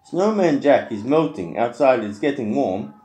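A woman's voice: a bass voice, lively intonation, moderate pace, warm tone. A woman reading a rhyming Christmas picture book aloud to a child at home, in a playful read-aloud manner. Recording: roomy home echo.

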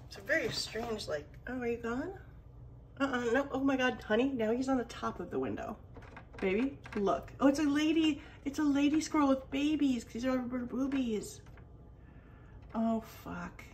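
Excitable woman cooing and exclaiming. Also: high-pitched, normal speed, slight background noise. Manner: excitable, exclaiming, cooing baby talk, drops to whispers. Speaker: vlogger filming at home. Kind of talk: casual home video commentary. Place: home by a window.

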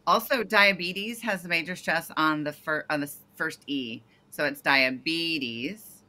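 A woman's voice: lowish voice, normal speed, pushed and bright. A woman coaching a startup founder over a video call, giving detailed feedback and often correcting herself mid-sentence.

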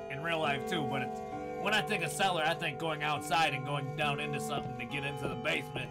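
A man's voice: fairly high pitch, fairly quick. A man streaming a horror game live, swearing freely, startling easily and talking back to his chat. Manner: profane, jumpy, talks back to chat. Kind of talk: live gaming stream commentary. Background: game music.

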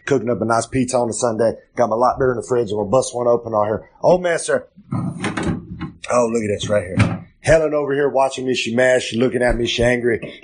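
A man's voice: mid-range voice, husky. A man rambling loosely through a comic podcast segment from his home kitchen, talking about himself in the third person. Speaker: wrestler hosting a recurring podcast segment.

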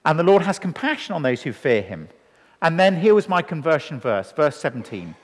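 A man's voice: on the high side, fairly quick. Preacher guy in his 50s, tells stories, voice jumps all over, big echoey hall. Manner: animated storytelling, acting out dialogue. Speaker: evangelist preacher. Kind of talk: sermon. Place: church hall with a live audience. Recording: long reverb in a hall.

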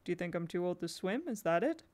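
A woman's voice: on the low side, very animated, a little mellow. A woman voicing a stern, commanding old man in a storybook reading, speaking firmly. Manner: firm, brisk.

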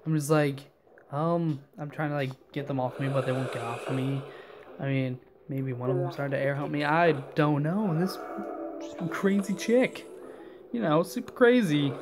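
A young man telling a rambling, animated story while playing a game, full of fillers and asides. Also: medium pitch, moderate pace, music in the background. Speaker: gaming channel host.

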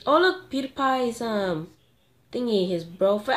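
A woman commentating her own gameplay, excitable and gasping at sudden moments, thinking aloud and talking to viewers. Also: fairly high pitch, unhurried, very noisy. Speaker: gamer.

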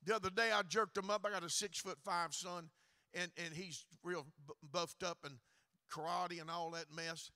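A middle-aged man with a Southern accent, preaching a Pentecostal revival sermon in a folksy, joking way that rises to loud preaching. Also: high-pitched, steady tone, moderate pace. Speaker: guest preacher.

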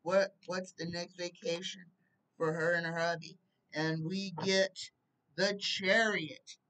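A woman gives a tarot reading at an unhurried pace, reading card keywords aloud in a list and pleading earnestly with the viewer. Her voice sits a little back from the microphone. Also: lowish voice, flat delivery, fairly bright tone, recorded from a distance, low-quality recording. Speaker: tarot reader.

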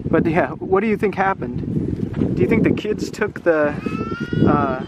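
A man's voice: sits high, lively intonation, unhurried. A man reading a children's picture book aloud outdoors by the water, chatting and asking the listener questions as he goes. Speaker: English teacher reading to children. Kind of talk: read-aloud storytelling with questions. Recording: loud wind noise outdoors.

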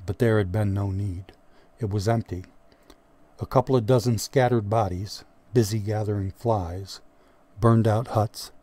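A male audiobook narrator reading a story in a steady, measured way. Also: fairly low pitch. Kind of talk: scripted narration.

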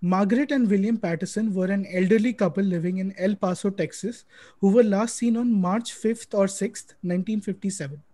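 A man hosting a live-streamed quiz, brisk and chatty, reading out names quickly over a video call mic. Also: sits high, steady tone, dark tone, no echo. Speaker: quiz host.

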